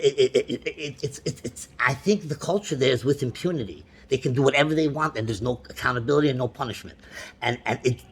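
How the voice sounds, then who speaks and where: A man complains over a phone call in a gravelly, husky voice that sits a little high. He stumbles through repeated restarts and breaks into exasperated outbursts. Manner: frustrated, repetitive, with many restarts and rising outbursts. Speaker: bank customer on a phone call. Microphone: phone call recording.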